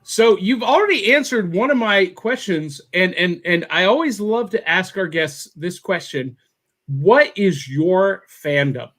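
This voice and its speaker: Upbeat high-voiced podcast host. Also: male voice, measured pace. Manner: upbeat and excitable, repeats himself. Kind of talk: casual chat.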